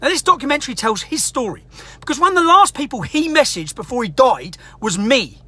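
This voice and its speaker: A woman's voice: high-pitched, sing-song, fairly quick, bright, forceful tone, no echo. A woman delivering an angry, indignant rant, swearing as she goes. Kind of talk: angry ranting monologue.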